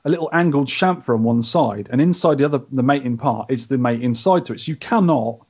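A man's voice: quick pace, slightly rough. A man co-hosting a podcast, telling a story in casual chat. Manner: chatty storyteller, lively pitch. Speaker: podcast co-host.

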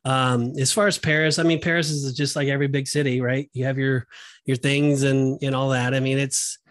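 A man talking on a casual podcast in a relaxed, rambling way. He circles back on himself with fillers and restarts and keeps an easy conversational flow. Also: medium pitch, brisk, no echo, clean studio sound. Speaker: podcast host. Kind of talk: casual chat.

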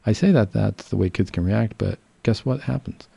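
A man speaking as a psychiatrist in a calm, reassuring, explanatory way. His voice is very dark and gravelly with a husky edge. The sound is dry and close. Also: fairly low pitch, moderate pace, no room sound. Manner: calm, reassuring, explains patiently with fillers and restarts. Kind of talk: casual educational talk.

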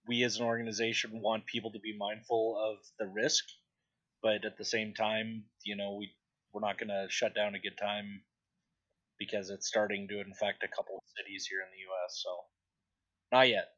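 A man's voice: on the low side, a bit bright, lo-fi sound. A young man chatting casually on a podcast, blunt and profane, rambling with lots of fillers. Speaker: podcast co-host, distillery industry board representative.

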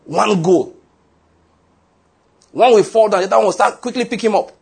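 Speaking at normal speed in a high-pitched, slightly rough voice with vocal fry, a pastor delivers a sermon. He tells stories with animation and poses rhetorical questions to the congregation.

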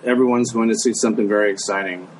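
A middle-aged guest impressionist appears on a chat show, musing hesitantly with lots of fillers in casual conversation. His voice is on the low side and steady in tone, and he talks fast; the recording is rough with slight background noise.

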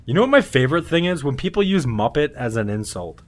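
Lively, teasing man on a podcast. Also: fast. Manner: teasing, swings his pitch a lot. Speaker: podcast co-host. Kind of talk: casual chat.

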